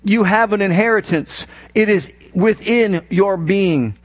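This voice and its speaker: A man preaching a sermon as pastor from the pulpit, animated, with mocking asides. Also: high voice, a little slow. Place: church.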